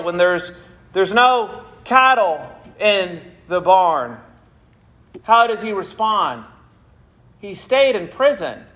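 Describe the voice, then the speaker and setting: A man preaching a sermon as pastor, deliberate and building to emphatic, repeated exhortations. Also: high-pitched, lo-fi sound.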